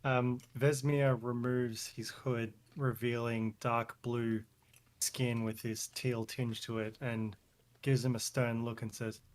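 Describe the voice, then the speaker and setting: A man's voice: mid-range voice, flat delivery, slow pace. A man playing in a tabletop game, asking about the scene and speaking sternly in character. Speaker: player.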